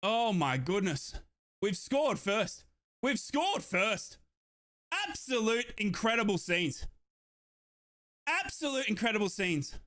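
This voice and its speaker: A young man giving excited fan commentary on a live football match, shouting in euphoric bursts and out of breath. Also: high voice, slow, long pauses. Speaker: fan watchalong streamer.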